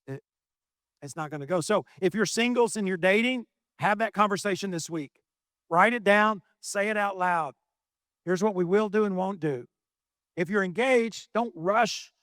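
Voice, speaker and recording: A middle-aged pastor speaks his sermon in a conversational way, often turning a line into a question for the congregation. His voice sits a little high for a man. The sound is close and dry, with no room echo. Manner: conversational preaching, asks the crowd questions.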